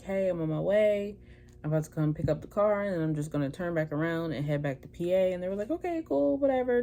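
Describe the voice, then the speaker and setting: This young woman vlogger has a lowish, mellow voice. She shares a personal story in a relaxed, chatty manner, acting out quoted dialogue by changing her voice for each person.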